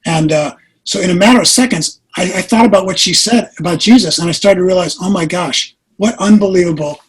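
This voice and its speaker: A man in his forties telling a personal story as an interview guest, earnest and animated, laughing at himself at times. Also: sits high, quick pace, breathy edge, rough recording. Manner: earnest, animated retelling with self-mocking laughs.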